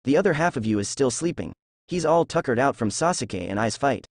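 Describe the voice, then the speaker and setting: A man's voice: mid-range voice, lively intonation, brisk, gravelly, no room sound, studio quality. A man voicing a playful, optimistic young male ninja in a read-aloud story. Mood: upbeat. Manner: playful, upbeat.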